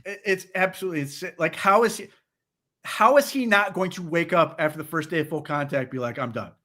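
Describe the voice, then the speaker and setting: A man co-hosting a sports podcast, talking football in casual chat, animated and incredulous, often stammering into restarts. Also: fairly high pitch, fairly quick.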